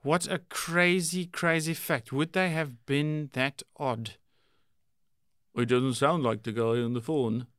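A man's voice: medium pitch, smooth, no room sound, clean studio sound. Jokey South African male co-host. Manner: animated, quick to joke. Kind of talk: comedy trivia banter.

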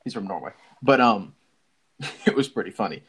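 A young man co-hosting a casual sports podcast, excitable and quick to laugh, often restarting his sentences. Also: lowish voice, breathy edge. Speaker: podcast co-host.

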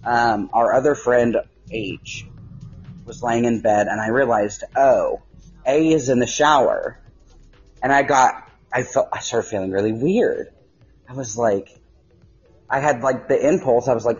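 A man's voice: mid-range voice, measured pace, slightly rough. A young man casually telling a personal story, chatty and full of fillers, quoting his own thoughts along the way. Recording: dull lo-fi recording with faint music.

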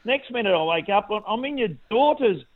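Aussie guy on radio, middle-aged, fairly high voice, jokey and laughing. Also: lively intonation, brisk, phone-quality sound. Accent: Australian. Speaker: guest. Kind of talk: casual chat.

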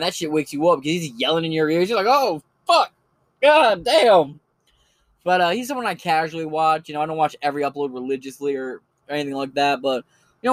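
A man's voice: fairly high pitch, dry recording. A man talking casually and profanely as he rambles through recommendations of online creators. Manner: rambling, profane, laid-back. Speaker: channel host recommending creators. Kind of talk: casual solo commentary.

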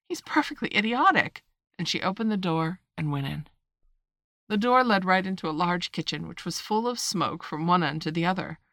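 Kobieta o niskim głosie czytająca bajkę równym, spokojnym tempem, nagrana blisko mikrofonu, bardzo sucho, bez pogłosu. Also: female voice, lowish voice, moderate pace, fairly bright tone, no room sound, studio quality. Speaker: narrator. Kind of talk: audiobook reading.

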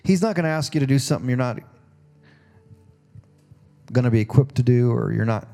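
A male pastor preaches to his congregation in a relaxed, conversational sermon, with a gravelly edge in his voice. His tone is dark and mellow, and he keeps turning to the room with questions. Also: medium pitch, a little fast, faint music behind. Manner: acts out voices in quoted dialogue. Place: church service.

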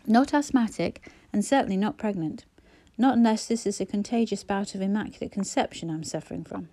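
A woman voicing an ailing woman with a hoarse voice and dry, teasing wit, read from a storybook. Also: mid-range voice, fairly quick, warm tone, natural voice. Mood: wry. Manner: wry, teasing.

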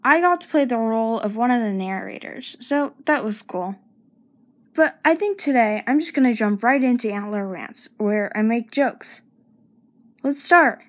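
A woman's voice: a little high, lively intonation, moderate pace. A woman giving a scripted comedic monologue as narrator and host, playful and self-mocking, with sing-song emphasis.

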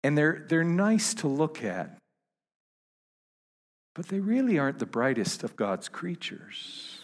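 A man preaching a sermon to his congregation, halting and repeating words, rising to emphatic peaks. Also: a little high, very animated, in a large hall. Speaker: pastor.

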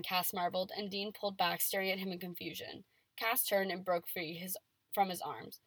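A woman's voice: on the low side, steady tone, moderate pace, fairly bright tone, no echo. A woman reading fan fiction aloud on a casual podcast, giving the dialogue playful emphasis and chatting between passages.

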